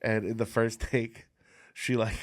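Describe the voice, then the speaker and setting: A man's voice: on the low side, level tone, measured pace, dry recording, studio quality. A man, a comedian and podcast host, telling rambling anecdotes with restarts in casual chat.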